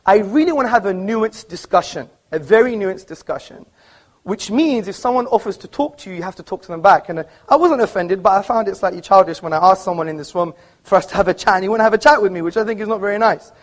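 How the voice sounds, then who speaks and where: A man's voice: sits high, animated, fast. A man giving an argumentative, emphatic public debate speech to a live audience in an auditorium, citing books as he goes.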